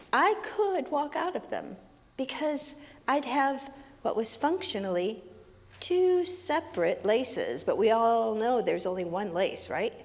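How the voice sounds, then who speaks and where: A woman leading a playful children's message in a congregation, teasing and sing-song as she talks with the kids. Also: on the high side. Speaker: minister leading a children's story time. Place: sanctuary of a congregation. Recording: long hall reverb, faint ambient noise.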